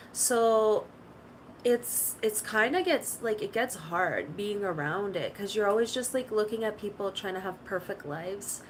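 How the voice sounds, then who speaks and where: A woman's voice: fairly high pitch, a little hiss or hum, low-quality recording. A woman chatting casually to her stream viewers, rambling through stories with lots of "like". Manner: rambling storytelling, full of "like". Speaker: live streamer.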